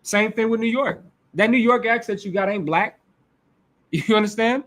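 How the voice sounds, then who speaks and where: An American man with a Midwestern accent and a high-pitched, slightly bright voice preaches a conversational sermon a little slowly. His manner is loose and informal, talking back and forth with the congregation and often restarting his sentences.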